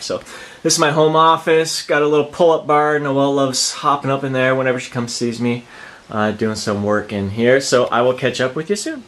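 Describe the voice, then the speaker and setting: A man's voice: mid-range voice, fairly bright tone. A middle-aged man vlogging his day and explaining exercises in a casual, upbeat way, with frequent fillers. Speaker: fitness vlogger. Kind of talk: casual vlog and exercise instruction. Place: home office, then a gym.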